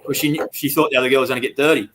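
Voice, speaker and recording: A man's voice: medium pitch, rapid-fire, background noise. A man in his forties with an Australian accent, telling stories bluntly and with lots of swearing in casual podcast chat. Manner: blunt, swearing, animated storytelling. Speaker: podcast co-host.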